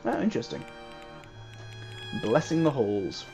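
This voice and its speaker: A man's voice: medium pitch, huge pitch swings, unhurried, a little mellow, faint music behind. A man chatting playfully while playing a mystery game, trying out accents and asking himself whether they come close. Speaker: gamer. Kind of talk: casual game commentary.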